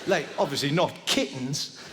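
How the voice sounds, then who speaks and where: A man's voice: a little high, moderate pace, big-room sound. A male stand-up comedian telling a rambling story live on stage, tagging lines with "right?". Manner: rambling, animated storytelling with constant "right?" tags. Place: live comedy venue with audience. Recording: live venue with background noise.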